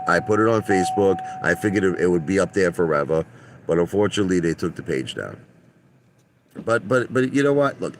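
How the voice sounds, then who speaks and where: A man's voice: on the low side, noisy background. A middle-aged man talking to his viewers from his parked car in a casual, profane monologue full of restarts and tangents. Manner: blunt, profane storyteller with many restarts. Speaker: vlogger.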